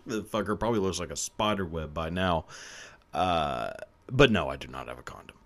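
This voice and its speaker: Low-voiced, profane, laughing man. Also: expressive, moderate pace, fairly bright tone, slight background noise. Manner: rambling, profane, laughs often. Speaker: podcast host. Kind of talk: casual confessional storytelling.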